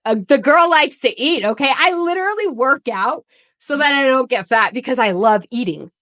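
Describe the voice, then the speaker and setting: A woman guest on a podcast, a relationship coach, telling stories in a blunt, profane and animated way. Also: high-pitched, moderate pace, no echo, studio quality. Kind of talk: casual podcast storytelling.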